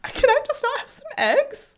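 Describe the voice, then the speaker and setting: A woman voicing an exhausted, furious little girl who shouts her demands in a shrill, whiny voice. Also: wildly swooping pitch, moderate pace, exaggerated voice. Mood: screaming, whiny. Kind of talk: quoted child in an anecdote.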